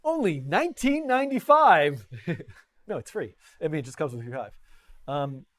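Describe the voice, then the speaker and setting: A man's voice: mid-range voice, normal speed, darkish tone. A man hosting a live coding tutorial from a home studio, talking in a playful, chatty way and laughing at himself. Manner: playful, self-deprecating, chatty with frequent laughs.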